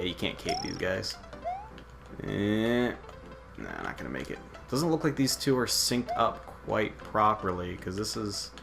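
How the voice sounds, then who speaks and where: A young American man casually commenting on a video game as he plays, rambling and swearing with joking asides. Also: on the low side. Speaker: let's play host. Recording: game music playing under the voice.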